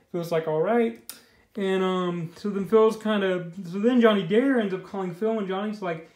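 A man's voice: high voice, normal speed, darkish tone. A man casually reviewing a comic book, rambling loosely and filling his talk with "you know" and "like". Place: indoors. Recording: echoey room.

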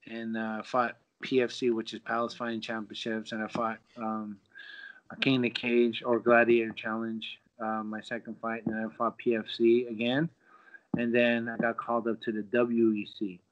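Animated man telling a fight story. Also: mid-range voice, normal speed. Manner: animated, acts out quotes with lots of fillers. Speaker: guest, former pro fighter. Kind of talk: casual storytelling. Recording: dull lo-fi sound.

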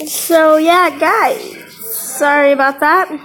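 A woman's voice: high voice, slow, faint music behind, poor audio. A woman casually commenting over her gameplay as a YouTuber, chatty and rambling, giggling between remarks. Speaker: gaming YouTuber. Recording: steady background noise.

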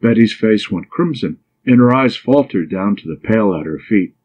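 A man reading an audiobook story aloud in a measured, expressive way. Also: lowish voice, husky. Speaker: audiobook reader. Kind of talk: storybook narration. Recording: dull lo-fi recording.

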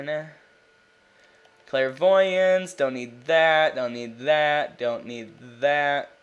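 A young man giving casual, rambling commentary while playing a video game, excitable and quick to swear. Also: mid-range voice. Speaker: let's play gamer.

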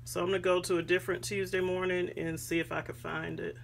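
A woman's voice: fairly low pitch, little pitch movement, fast talker, creaky, slight background noise. A woman showing off craft supplies in a casual vlog from her home craft room, chatting to viewers with lots of ums. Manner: chatty, addresses viewers as guys, many ums. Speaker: craft haul vlogger. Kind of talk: casual show-and-tell chat.

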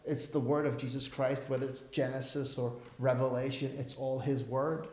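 A man's voice: mid-range voice, level tone, moderate pace, a little mellow. A man preaching a sermon, emphatic and given to self-aware asides. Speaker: pastor. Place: church. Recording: roomy church echo.

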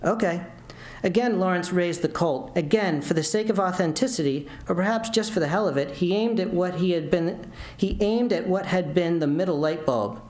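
A man's voice: high-pitched, moderate pace, hardly any pauses, darkish tone. A man reading his own fiction aloud at a university, narrating steadily with occasional restarts. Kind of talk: literary reading. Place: university lecture room. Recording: roomy lecture hall.

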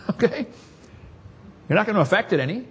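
A Southern preacher with a husky voice, pitched a little high for a man. He preaches in a folksy, storytelling way and slips jokes in between the scripture. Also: sing-song, moderate pace, a bit bright, highs cut off. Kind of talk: sermon.

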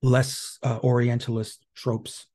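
Dark-voiced man hosting a rambling podcast. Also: medium pitch, little pitch movement, slow. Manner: casual and rambling, many fillers and restarts; dry and wry. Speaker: podcast host. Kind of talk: solo podcast recap.

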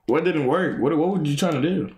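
A young man livestreaming a video game, excitable and swearing, swinging between yelling and muttering. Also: on the high side, brisk, reverberant. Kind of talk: gaming livestream commentary.

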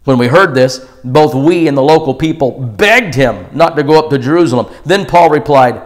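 A man teaching a classroom-style Bible session as pastor, animated and acting out scenes with sudden jumps in pitch and loudness. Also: a little fast, hardly any pauses. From United States.

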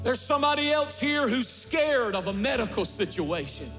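A male pastor preaching a passionate sermon in a large church, building up to shouts. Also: extremely high pitch, very animated, normal speed, in a large hall, soft background music.

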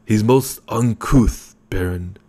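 Guy doing a sly assassin adviser, sweet musical tenor, smooth and mocking, slow. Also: lowish voice, dark tone. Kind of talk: audiobook character reading.

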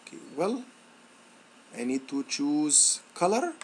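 A male instructor talking students through a software lab on screen, thinking aloud with repeated words and many fillers. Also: slow, a little hiss or hum. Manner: lively, rising pitch on praise words. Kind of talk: screen-recorded software tutorial.

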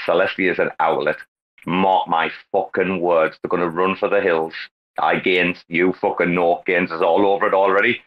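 Man, host, low voice, brash, swears a lot, casual banter, dull lo-fi sound. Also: moderate pace. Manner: brash, swears constantly, excitable. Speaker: host of a crypto talk space. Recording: lo-fi online call audio.

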